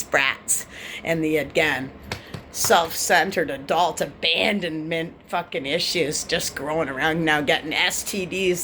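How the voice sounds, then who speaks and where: Woman, 40s, bright edgy voice, profane defiant rant, jumps between mocking and scornful. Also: sits low, slight background noise. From Canada. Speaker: vlogger. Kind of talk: ranting vlog monologue.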